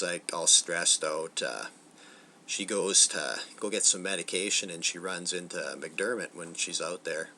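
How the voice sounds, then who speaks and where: Loose and full of swearing, this male channel host talks through a film review and slips into short bits of movie lines along the way. His voice sits low with a sharp edge, and there's a slight hiss or hum.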